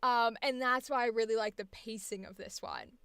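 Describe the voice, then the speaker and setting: A woman teaching voice acting, gushing over her students in chatty, effusive livestream commentary. Her voice is high, bright and smooth, and sits dry and close to the mic. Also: steady tone, normal speed, no echo. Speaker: voice acting workshop instructor. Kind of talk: enthusiastic showcase commentary on a livestream.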